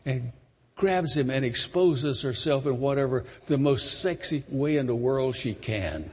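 A man preaching a sermon, retelling a story dramatically, emphatic and swinging between loud and soft. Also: medium pitch, animated, measured pace, slight background noise. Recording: long hall reverb.

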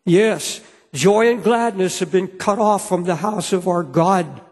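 A man's voice: high voice, a little slow, slightly rough. A man preaching a sermon as pastor, earnest and fervent, often restarting his phrases. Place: church sanctuary. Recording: long hall reverb.

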